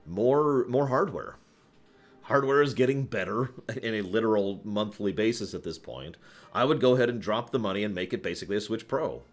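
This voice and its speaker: A man's voice: on the low side, moderate pace. A man answering viewer questions on a casual live stream, rambling, correcting himself and chuckling as he goes.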